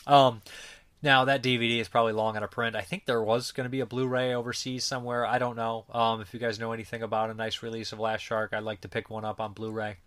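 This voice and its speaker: A man's voice: mid-range voice, level tone, fast talker, fairly bright tone. A man reviewing films in a casual, rambling way, joking and swearing freely. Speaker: movie reviewer.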